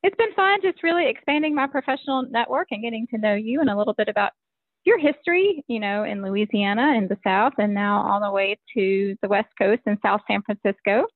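A woman's voice: on the high side, brisk, dry recording. A woman from Alabama, a legal marketing professional, chatting as a podcast guest in a friendly, upbeat way. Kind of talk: casual interview chat. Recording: tinny phone-line sound.

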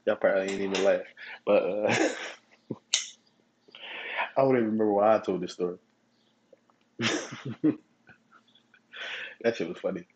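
A man hosting his own podcast, telling stories in a relaxed, profane way and chuckling often. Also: on the low side, measured pace, long pauses, slight background noise, low-quality recording. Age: adult. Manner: laid-back, profane storytelling with chuckles. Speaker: podcast host. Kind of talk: casual solo podcast monologue.

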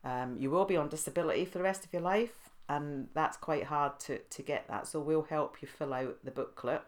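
A woman's voice: deep voice, moderate pace. A middle-aged woman telling stories in a casual interview, laughing often and acting out the voices of people she quotes. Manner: lively storyteller who laughs often and acts out quoted speech. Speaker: guest.

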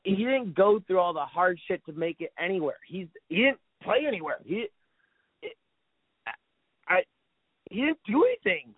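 A man's voice: high-pitched, no echo. A man co-hosting a sports podcast, ranting heatedly and swearing in casual chat. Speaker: podcast co-host. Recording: dry, phone-like sound.

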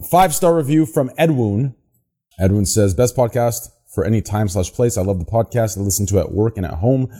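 A man with a low, mellow voice reads listener reviews on a podcast. He talks in a relaxed, rambling way, often repeats words and swears casually. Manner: laid-back, trails off and repeats words, swears when amused.

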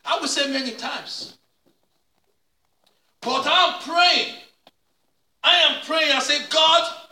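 High-voiced pastor preaching in an echoey room. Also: male voice. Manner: repetitive call-and-response preaching, rising to shouts. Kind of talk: sermon. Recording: echoey room, mic at a distance.

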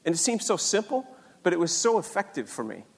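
A man's voice: high-pitched, fairly quick, creaky, husky. An older man telling a personal faith story in an earnest, storytelling way. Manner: earnest, animated storytelling with acted-out voices. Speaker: speaker sharing a faith story. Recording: long hall reverb.

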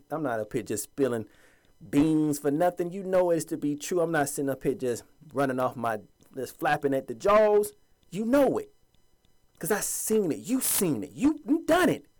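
A man's voice: fairly high pitch, darkish tone. A man giving an impassioned, preachy monologue to his viewers, sometimes mocking the voices of other people. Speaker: commentator addressing viewers.

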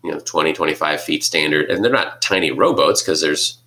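A man with a very low voice and a bright, forceful edge. He talks casually and thinks aloud, circling back and restarting his sentences as he works through a Bible story. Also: fairly quick. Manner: thinking aloud, hesitant, restarts, acts out quotes. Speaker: podcast co-host discussing scripture. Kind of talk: casual conversation.

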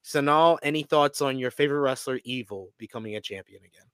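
A man co-hosting a casual wrestling podcast, talking fast and opinionated. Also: mid-range voice, fairly bright tone, clean tone, no echo. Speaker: podcast co-host.

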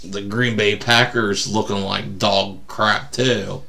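A man's voice: on the low side, steady tone, slow, gravelly, pushed and bright, reverberant, recorded from a distance. A man co-hosting a podcast in casual, jokey sports chat. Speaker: podcast co-host.

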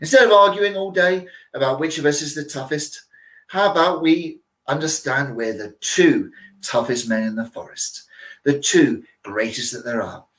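A man's voice: on the high side, normal speed, fairly bright tone, reverberant, distant mic, natural voice, low-quality recording. A man voicing a proud giant outlaw in a spoken story, talking in a blunt, bluff way. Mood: persuasive.

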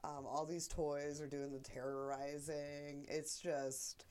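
A woman's voice: sits low, little pitch movement, slow, a little mellow, a little hiss or hum. A woman co-hosting a podcast, chatting casually about a movie, swearing freely and laughing often. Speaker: podcast co-host. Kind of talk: casual movie review chat.

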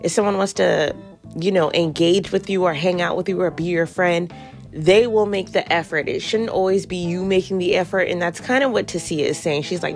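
Sassy, blunt woman with a gravelly voice. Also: moderate pace, darkish tone, soft background music. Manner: sassy, blunt, swears freely, mimics people in high voices. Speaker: podcast host reviewing reality TV. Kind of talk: casual commentary.

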